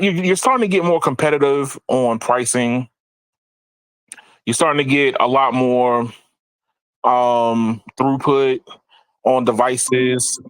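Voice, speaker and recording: A man hosting a casual tech podcast, animated, laughing often and repeating words as he talks. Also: medium pitch, clear, resonant tone, dry recording, poor audio. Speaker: podcast host.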